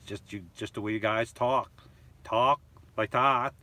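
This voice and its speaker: A man's voice: fairly low pitch, fairly even intonation, measured pace, bright, forceful tone. A man hosting a live stream from a camper van, reading viewer comments aloud and chatting about them in a loose, rambling way.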